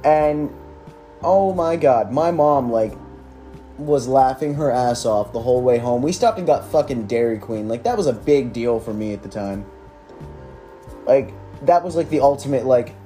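Young man, casual storytelling podcast host, mellow voice, faint music underneath. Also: mid-range voice, normal speed. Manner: profane, sarcastic, rambling with many fillers.

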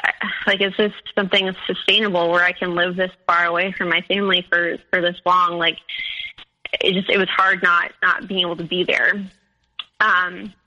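A woman's voice: lowish voice, little pitch movement, normal speed, sharp tone, rough recording. A young woman telling her personal story as a podcast guest, candid and full of fillers. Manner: candid storytelling with many fillers, quoting others.

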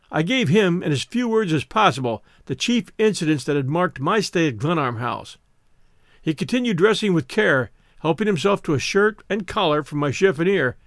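A man narrates a novel in the first person with measured, expressive storytelling. His voice sits a little high and moves widely in pitch. The recording is dry and close, with no room sound. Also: dry recording. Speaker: audiobook reader.

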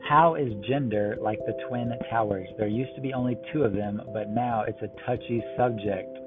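A man rattles off one-liners in a flat, deadpan way at a middle pitch. His voice comes through thin and phone-like, with music playing clearly behind him. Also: moderate pace. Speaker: joke teller. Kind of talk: reading one-liner jokes.

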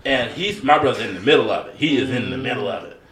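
Bright man telling a story, echoey room. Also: expressive, quick pace. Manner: laid-back storyteller, quotes others in a low voice. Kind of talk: casual chat.

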